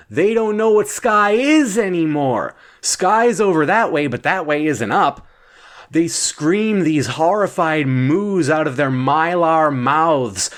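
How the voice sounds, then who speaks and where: A man narrating a surreal second-person bedtime story, rambling and wry, often stopping himself mid-thought. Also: on the high side. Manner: rambling, self-interrupting, wry deadpan asides.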